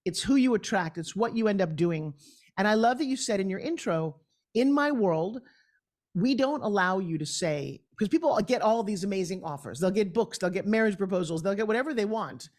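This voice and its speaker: A middle-aged woman, a guest on an interview show, talking in an energetic, emphatic and upbeat way. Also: mid-range voice, brisk. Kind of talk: conversational interview.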